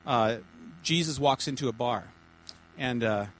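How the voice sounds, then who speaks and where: A man, a pastor, giving informal teaching to a small church group in a halting, chatty way, with many repeated words and restarts. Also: medium pitch, a little hiss or hum, poor audio. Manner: chatty, jokey asides.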